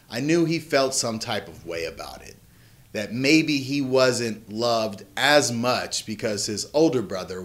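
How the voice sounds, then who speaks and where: A man in his thirties, a father and vlog host, telling an earnest, candid personal story about his sons. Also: mid-range voice. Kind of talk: reflective personal story to camera.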